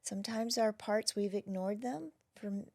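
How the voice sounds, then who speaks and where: A wellness practitioner, appearing as a guest in a casual interview, speaks gently and reflectively, often dropping to a soft near-whisper. Her pitch is medium and her pace moderate.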